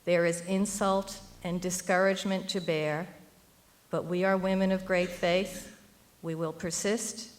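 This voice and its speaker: A woman's voice: fairly low pitch, little pitch movement, measured pace. A middle-aged woman giving a prepared speech at a university event, earnest and rhetorical, building to emphatic appeals. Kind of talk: prepared speech read aloud.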